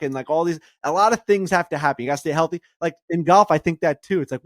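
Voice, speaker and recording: A man co-hosting a golf podcast in casual chat, getting loud and animated as he argues his point. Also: a little high, quick pace, few pauses, dry recording, clean studio sound. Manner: animated, swings loud when worked up. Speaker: podcast co-host.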